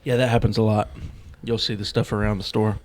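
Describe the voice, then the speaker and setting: A man's voice: fairly low pitch, a little fast. Man telling a rambling story. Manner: animated storyteller acting out his own yelling. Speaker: podcast co-host. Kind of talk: casual storytelling chat.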